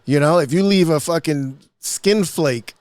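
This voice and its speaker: A man's voice: a little high, unhurried, a little mellow, no room sound. A male podcast host chatting casually, laughing often and reacting with profane exclamations.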